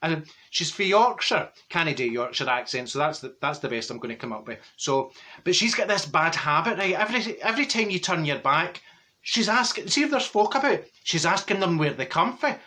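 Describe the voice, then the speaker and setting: A man's voice: a little high, animated, fairly quick, bright, forceful tone. A man playing a gossiping middle-aged Glasgow woman with a Glaswegian accent, telling rambling comic stories with lots of exclamations. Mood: gossipy. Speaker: comedy character monologue. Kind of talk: comic character storytelling.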